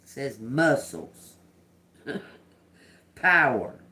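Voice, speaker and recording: A man hosting a live psychic reading, slowly and haltingly repeating single words aloud as he interprets them. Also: mid-range voice, big pitch swings, bright, forceful tone. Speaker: livestream psychic reader. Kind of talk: live spirit-box and card reading.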